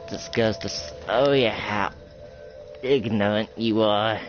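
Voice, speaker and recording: A man voicing a gloating, cackling male villain who taunts slowly and mockingly. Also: fairly low pitch, fairly even intonation. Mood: taunting. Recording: dull lo-fi recording with music.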